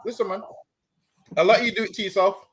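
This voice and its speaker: A man's voice: sits high, fairly even intonation, brisk. A man talking on a stream, preaching and lecturing, often stumbling over repeated words and saying "listen, man.". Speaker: street preacher co-host. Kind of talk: stream discussion.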